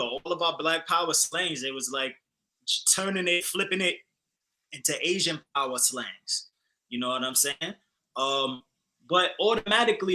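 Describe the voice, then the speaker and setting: Bright, animated man in heated talk. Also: fairly high pitch, low-quality recording. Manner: animated, emphatic, frequent fillers and profanity. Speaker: podcast co-host. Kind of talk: casual heated discussion.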